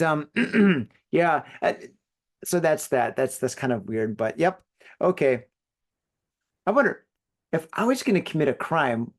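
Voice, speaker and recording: A man hosts a solo podcast, reading out odd news and riffing on it in a loose, rambling way. His voice sits a little higher than most men's. He leans on fillers and jokes. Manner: rambling, joking, filler-heavy. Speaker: podcast host.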